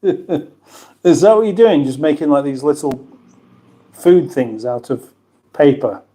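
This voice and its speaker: A man's voice: a little high, unhurried, dark tone. A middle-aged British man hosting a casual livestream, chatting in a rambling, self-mocking way and reading out viewer comments. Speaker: livestream host.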